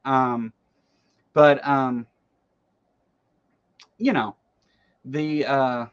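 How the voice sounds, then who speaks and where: A man hosting casual political commentary, animated and rambling, with lots of fillers and swearing. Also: mid-range voice, drawn-out words, clear, resonant tone, muffled recording.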